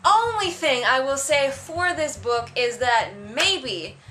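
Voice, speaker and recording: Sarcastic bright-voiced woman reviewer. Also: sits high, takes it slowly. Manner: sarcastic, animated, exasperated. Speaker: book reviewer. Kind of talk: casual vlog review.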